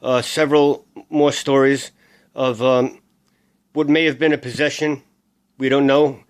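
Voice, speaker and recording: A man hosting an audio channel, signing off casually with halting speech and many fillers. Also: mid-range voice, level tone, clean tone. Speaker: channel host. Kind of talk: casual sign-off to listeners.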